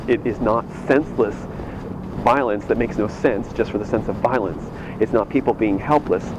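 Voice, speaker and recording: Man, mid pitch, rambling with restarts, noisy outdoor clip. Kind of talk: recounting events in casual talk.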